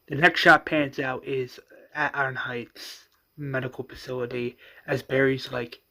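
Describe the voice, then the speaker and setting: A man's voice: medium pitch, level tone, a little slow, pushed and bright. A man casually retelling a fan-written episode, rambling with frequent fillers and restarts. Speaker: channel host.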